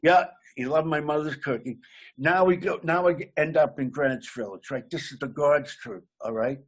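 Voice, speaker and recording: A man from Massachusetts, a comedian guest telling a lively anecdote. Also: a little high, moderate pace, breathy edge. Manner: animated anecdote teller, laughs along. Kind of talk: casual storytelling.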